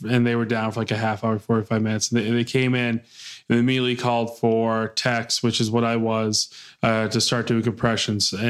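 Laid-back man telling a story. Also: medium pitch. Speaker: podcast co-host. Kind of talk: casual chat.

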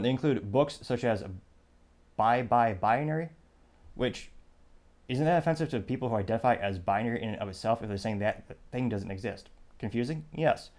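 Low-voiced sarcastic podcast host. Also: male voice, darkish tone. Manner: sarcastic, wry asides. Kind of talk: opinionated news commentary.

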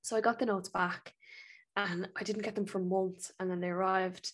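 A woman's voice: medium pitch, steady tone, normal speed. Blunt, profane Irish woman telling a story. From Ireland. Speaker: podcast co-host, nurse. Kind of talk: casual chat. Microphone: remote call recording.

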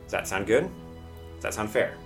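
A man's voice: on the low side, animated, normal speed, creaky, over music. A man narrating as game master of a casual tabletop role-playing game, chatty with frequent fillers.

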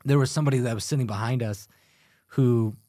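An animated man chatting as a podcast guest, laughing often as he tells stories. His voice sits at a middle pitch. The sound is dry and close, with no room echo. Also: fast talker. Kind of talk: casual chat.

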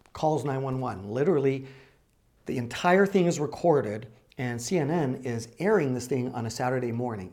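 A male host opens his show by retelling a true story, leaning on each phrase with slow emphasis. His voice has a gravelly edge and sits at an ordinary middle pitch. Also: a little mellow. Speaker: podcast host.

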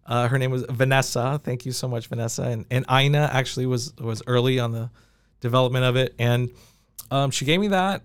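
A man of middle pitch telling a story in a podcast interview, animated and quick to laugh. His voice sits close and dry on the mic, with no room sound around it. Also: clean tone, no room sound. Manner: animated anecdotes with frequent laughs. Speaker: podcast guest.

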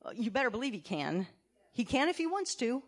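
A woman church elder preaching a sermon, emphatic, asking her congregation many questions and swinging between loud and quiet. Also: on the high side, very animated, fairly quick. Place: church sanctuary.

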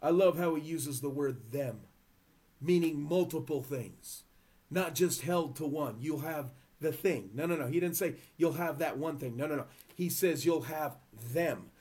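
A man's voice: a little high, measured pace, a little mellow. A man preaching a sermon, fervent and emphatic, repeating his phrases for emphasis. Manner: drops to a whisper at times.

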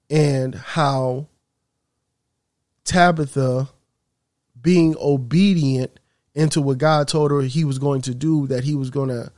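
A man hosting a podcast, reflecting on a faith story in an earnest, preaching way. His voice is mid-pitched and sounds dry and close, with no room echo. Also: darkish tone. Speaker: podcast host.

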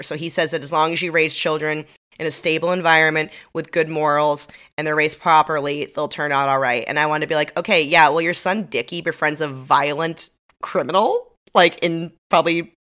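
Low voiced woman podcaster, bright tone, sarcastic recap chat. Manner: sarcastic, wry commentary. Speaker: podcast co-host. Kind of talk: casual chat recapping a TV episode.

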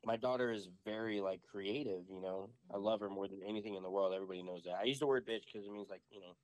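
A young man telling a story in a casual podcast chat, animated and full of swearing. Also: on the low side, fast talker, no echo. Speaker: podcast host.

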